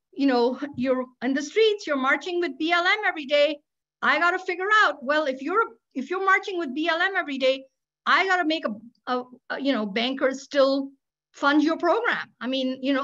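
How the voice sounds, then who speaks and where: An older woman speaks high and animated in a candid panel talk, tossing in sarcastic asides. Her audio comes through a dull, lo-fi video call. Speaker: public interest lawyer.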